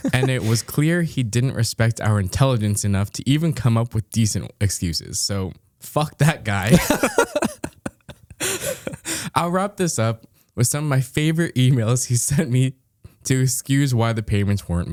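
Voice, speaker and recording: Reading a listener's submitted story on the podcast he co-hosts, a young man chimes in with dry, amused comments and plenty of laughter. His voice is medium-pitched and darkish, and the recording is dry.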